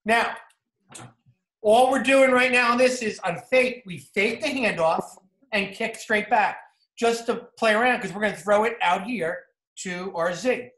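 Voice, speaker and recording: Male football coach, New Jersey accent, high voice, energetic clinic talk in a roomy echo. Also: a little slow. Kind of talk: clinic talk narrating game film.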